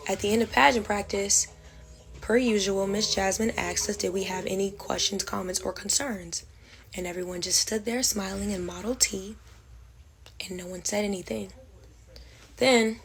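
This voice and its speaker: A young woman recounting a college incident in a detailed, measured storytime monologue. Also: medium pitch, rough recording. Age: young adult. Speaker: vlogger.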